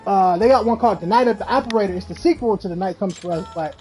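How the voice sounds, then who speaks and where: A game streamer chats casually while streaming, telling stories in an animated, rambling way full of slang and swearing. His medium-pitched voice moves fast over faint background music, and the recording is rough.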